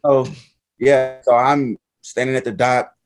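A man casually telling a story about a race in an animated, laughing way, acting out what people said. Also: mid-range voice, measured pace, faint music behind. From United States. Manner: animated, laughing retelling with quoted voices.

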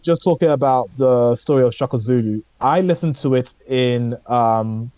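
A man's voice: medium pitch, normal speed, warm tone, no room sound. Hesitant man rambling on a podcast. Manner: rambling, hesitant, many fillers. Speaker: podcast co-host. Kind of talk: casual chat reviewing shows.

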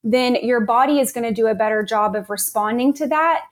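A woman naturopath as an interview guest, explaining health topics in a steady, informative way. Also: a little high, a little fast.

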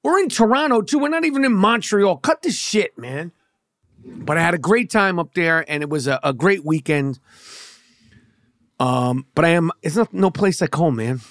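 A man's voice: fairly high pitch, lively intonation, normal speed, fairly bright tone, dry recording, clean studio sound. A man with a New York accent hosting a podcast, ranting heatedly with lots of profanity and stammered restarts. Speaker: podcast host. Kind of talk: casual monologue rant.

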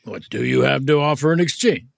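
A man voicing a pompous, shrewd port owner who talks slowly and haughtily in an improvised comedy sketch. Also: mid-range voice, animated, creaky, no room sound, studio quality. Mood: haughty. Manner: slow, haughty, drawn-out.

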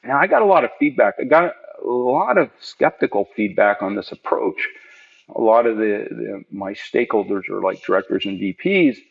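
A man, a program manager, telling an interviewer about his work in an earnest, emphatic way and jumping up in pitch to stress his points. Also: lively intonation, normal speed, gravelly. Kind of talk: conversational storytelling in an interview. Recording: dull lo-fi audio.

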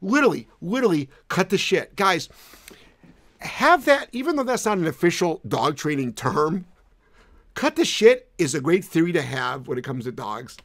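A man's voice: on the high side, sing-song, normal speed, fairly bright tone. A man co-hosting a casual live-stream Q&A about dog training, blunt and joking, with frequent swearing.

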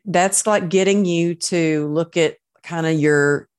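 A woman's voice: fairly low pitch, slow pace, clear, resonant tone, dry recording, studio quality. A woman hosting a podcast interview, encouraging and reflective as she responds to her guest. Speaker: podcast host.

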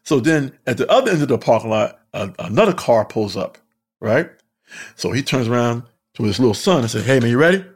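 A man's voice: mid-range voice, brisk, husky. A man, a stand-up comedian, telling road stories casually with lots of swearing and laughter. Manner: animated, profane, laughs often. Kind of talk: casual storytelling.

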